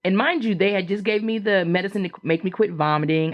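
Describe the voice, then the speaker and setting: A woman's voice: normal speed, dull audio. A woman guest on a podcast telling a personal story in a frank, chatty way, acting out what others said with big leaps in her voice. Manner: animated, acts out quoted voices with big jumps in pitch; frank and chatty, with frequent fillers.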